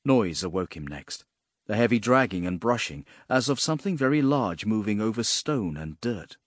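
Husky man reading a fantasy audiobook, lowish voice, lots of swing, dry close mic. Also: expressive, normal speed, no echo. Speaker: narrator.

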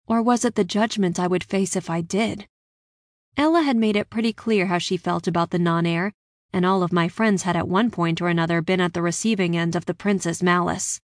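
A woman's voice: on the low side, no echo. A woman narrating an audiobook in a dry, close voice. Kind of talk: scripted first-person narration.

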